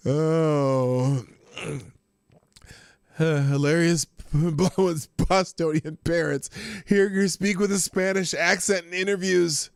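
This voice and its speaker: A man's voice: a little high, fairly even intonation, very slow, clean tone, no echo, clean studio sound. A man hosting a podcast, giving casual mocking commentary and often breaking into incredulous laughter. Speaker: podcast host.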